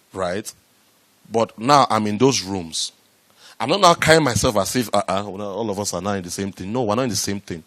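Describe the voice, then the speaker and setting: A man giving a lively motivational talk to a live audience about raising startup money, repeating himself and rising to loud, emphatic bursts. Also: on the low side. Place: event room with an audience.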